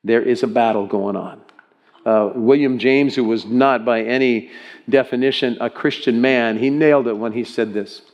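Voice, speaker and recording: Man, middle-aged pastor, sermon, animated delivery, soft prayerful stretches. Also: medium pitch, moderate pace, highs cut off.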